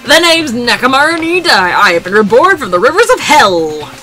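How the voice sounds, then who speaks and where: A woman's voice: high voice, sing-song, normal speed, sharp tone, faint music behind, pitched above the performer's own voice, exaggerated voice. A woman reading the lines of a cocky man reborn as a robot, in a boastful, proclaiming way.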